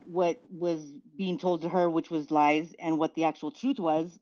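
A woman's voice: low-pitched, steady tone, a little slow, dark tone, highs cut off. A woman in a casual online group voice chat, blunt and defensive, swearing heavily.

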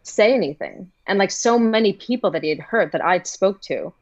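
Mulher efusiva e hesitante. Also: female voice, mid-range voice, lively intonation, normal speed, dull audio. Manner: effusive, hesitant, many "like" fillers. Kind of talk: casual conversation.

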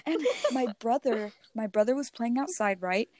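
A teenage girl telling a story in casual chat, animated and often laughing as she quotes others. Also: on the high side, normal speed, slight background noise. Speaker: podcast co-host.

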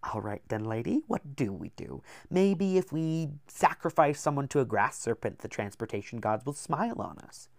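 A man voicing a brash, profane male poet who is loud and mocking, in an audiobook. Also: mid-range voice, animated, normal speed, few pauses, dry recording, studio quality, voice pushed up, close to an everyday voice. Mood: scornful.

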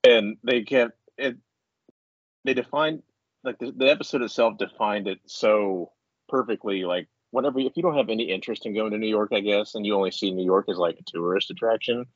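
A man with a lowish voice talks fairly quickly while co-hosting a casual podcast at home. He rambles, restarting often and laughing a lot, on a muffled recording with no echo.

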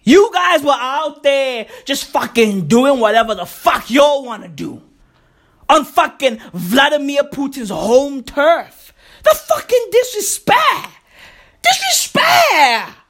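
A woman's voice: high voice, lively intonation, takes it slowly. A woman delivering a profane comic rant, emphatic and repetitive, swearing heavily and calling the listener "bro".

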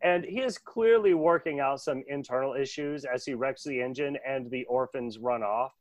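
A man casually recapping a cartoon episode with a co-host, animated and laughing often. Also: medium pitch, no echo. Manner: animated, laughing, doing quick voices. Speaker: podcast co-host.

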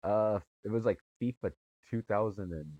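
A man's voice: lowish voice, normal speed, warm tone, muffled recording. A man hosting a podcast in casual chat, laid-back and joking, mostly giving short replies. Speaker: podcast host.

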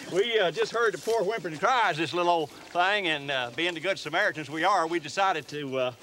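A man's voice: a little high, fairly quick, pushed and bright, a little hiss or hum. An actor with a Southern accent playing a bossy backwoods male poacher in a film, talking in a folksy, chuckling drawl. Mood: smarmy. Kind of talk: film dialogue.

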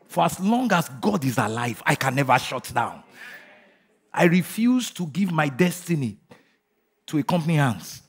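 Male pastor, high husky voice, fervent sermon delivery that rallies the congregation to shout along. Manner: asks the crowd rhetorical questions.

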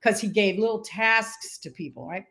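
A woman in her sixties, a podcast guest, telling stories in a lively interview chat and acting out what others said. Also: mid-range voice, normal speed. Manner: animated storyteller who acts out quoted voices.

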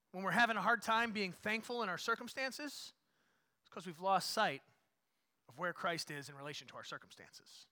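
In church, a pastor preaches a sermon to his congregation in a slightly high, bright, forceful voice. He pushes repeated phrases to loud, emphatic peaks, then drops into low, hushed asides.

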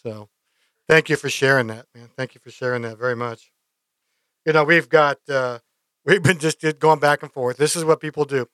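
A man hosts a podcast interview with easy, upbeat chat and plenty of praise for his guest. His voice is smooth and clear, recorded close and dry. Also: medium pitch, normal speed, no room sound. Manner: warm, enthusiastic praise, friendly chat. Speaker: podcast host. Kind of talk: casual interview.

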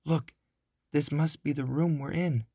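A man's voice: fairly high pitch, fairly even intonation, unhurried, dark tone, slightly rough, no echo, clean studio sound, pitched above the performer's own voice. A man voicing an anxious, bookish young boy while reading a storybook aloud.

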